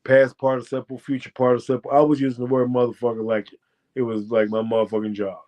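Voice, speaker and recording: An American man, a former fighter, telling a profane, boastful story as a guest and breaking into loud shouted quotes. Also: medium pitch, flat delivery, fast. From United States. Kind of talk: animated storytelling.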